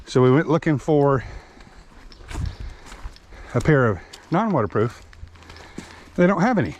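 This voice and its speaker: A man's voice: a little high, big pitch swings, measured pace, a little hiss or hum. A man, narrating a hiking vlog outdoors on a wooded trail, a bit out of breath as he chats about the trail and his gear. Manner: chatty, explains gear plainly. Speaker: hiking vlogger.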